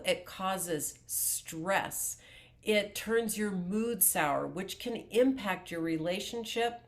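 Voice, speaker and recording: A woman life coach talking to camera in a self-help video, explaining calmly and deliberately with a few restarts. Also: fairly low pitch. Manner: calm, slow, deliberate explaining with filler restarts.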